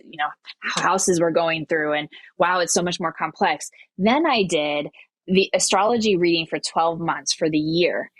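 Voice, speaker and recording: A woman's voice: lowish voice, no room sound. A woman guest on a podcast speaking earnestly and reflectively in casual conversation. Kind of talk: casual interview chat.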